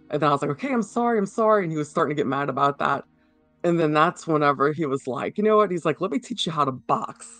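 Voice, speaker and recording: A man giving a halting personal account in an interview, full of fillers and restarts. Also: a little high, a bit bright, no echo.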